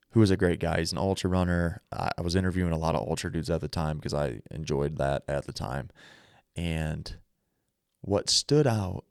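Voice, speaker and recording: Gravelly-voiced man hosting a podcast. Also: sits low, a little mellow, no room sound, clean studio sound. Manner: earnest, emphatic, conversational storytelling. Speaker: podcast host. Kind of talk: solo podcast monologue.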